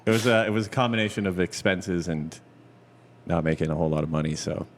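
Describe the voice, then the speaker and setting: Laid-back man, very deep voice. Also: fast. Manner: laid-back, laughing, lots of "like". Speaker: podcast co-host. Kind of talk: casual podcast chat.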